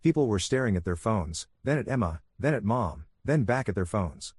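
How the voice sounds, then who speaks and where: A man calmly narrating a first-person story in an even, soothing manner. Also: on the low side, normal speed, slightly rough, no echo, clean studio sound.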